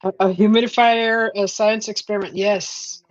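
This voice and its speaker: A woman's voice: mid-range voice, steady tone, normal speed, dry recording. A woman hosting a casual livestream from home, chatting with viewers and rambling with many "uh" fillers. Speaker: livestream host. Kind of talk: casual livestream chat, reading viewer comments. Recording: dull lo-fi stream audio, faint music.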